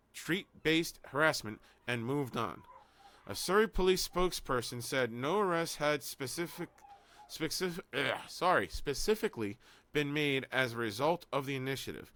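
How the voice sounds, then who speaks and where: A man's voice: mid-range voice, a bit bright. A man co-hosting a talk show, reading news aloud and commenting sarcastically. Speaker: podcast co-host.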